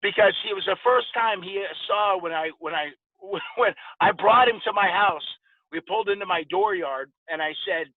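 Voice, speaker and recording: A man's voice: high-pitched, normal speed, no room sound. A middle-aged man and former fighter, guesting on a podcast and telling stories in a rambling, casual way, with many fillers and voices for the people he quotes. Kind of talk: casual storytelling interview. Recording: tinny phone-like sound, dry.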